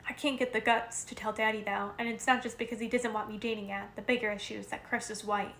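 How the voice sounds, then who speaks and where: A woman reading a novel aloud in the first person at home, steady with small self-corrections. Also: fairly high pitch, quick pace, vocal fry. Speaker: reader. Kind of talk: amateur audiobook reading of a novel. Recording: roomy echo with faint noise.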